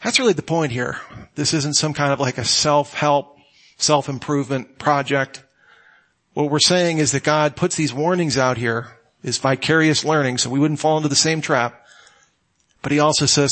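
A man's voice: a little high, moderate pace, a bit bright. A man preaching a sermon as a pastor, emphatic, and ending with a spoken prayer. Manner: emphatic, rising to exclamations then closing in prayer.

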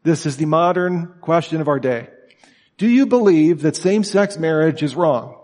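A man lectures students with emphasis and keeps posing rhetorical questions. His voice sits a little high for a man. The sound carries a long reverb, as in a large hall. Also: animated, moderate pace, darkish tone. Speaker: teacher at a summer institute.

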